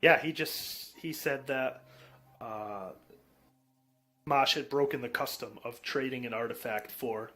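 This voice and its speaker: A man's voice: mid-range voice, a little slow, fairly bright tone. A man narrating a tabletop game as game master in a voice chat, easygoing and descriptive.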